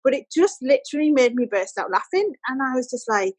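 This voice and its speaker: A woman, a podcast guest telling a story in casual chat and quoting people in lively voices. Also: high voice, brisk, dry recording, low-quality recording.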